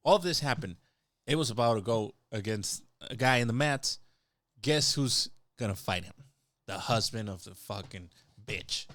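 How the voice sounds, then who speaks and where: A man's voice: mid-range voice, animated, normal speed, a bit bright, no room sound. A man chiming in on a friend's story in a casual, profane way. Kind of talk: casual chat.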